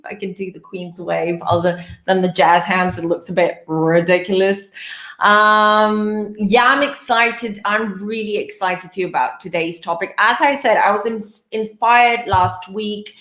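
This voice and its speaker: A woman hosting a live tarot show, chatting in a warm, upbeat way and greeting viewers by name. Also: medium pitch, echoey room. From Greece. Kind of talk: casual live-stream chat.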